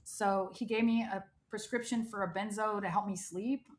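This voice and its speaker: A middle-aged woman from the United States telling her life story as a guest in an interview, animated and emphatic, acting out what people said. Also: mid-range voice, normal speed. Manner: animated, emphatic, frequent "like" and quoted dialogue.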